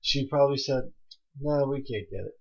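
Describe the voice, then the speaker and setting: A man's voice: medium pitch, normal speed. A young man co-hosting a podcast, casual chat full of blunt, teasing wisecracks. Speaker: podcast co-host. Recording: dull lo-fi podcast audio.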